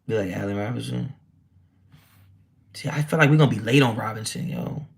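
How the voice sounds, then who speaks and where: A lowish male voice, brisk and marked by vocal fry. He's a livestream host on a casual football stream, reading chat aloud and responding brashly with a lot of swearing.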